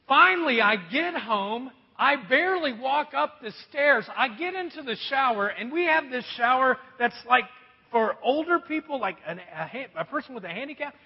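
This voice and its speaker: A middle-aged male pastor with a high, slightly husky voice tells a self-deprecating story from the pulpit. His sermon rings with a long hall reverb, and the recording sounds dull and muffled. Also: expressive, moderate pace.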